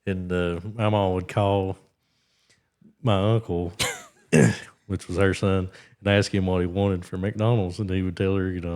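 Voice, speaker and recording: A man, co-hosting a podcast and adding low-key, dry remarks. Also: steady tone, unhurried, pauses often, a little mellow, clear, resonant tone. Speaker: podcast co-host. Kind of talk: casual chat.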